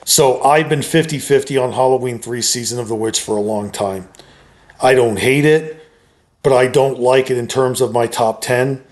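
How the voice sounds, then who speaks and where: Man giving a casual film opinion. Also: medium pitch. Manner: conversational and measured, with frequent hedges. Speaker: YouTuber reviewing a film.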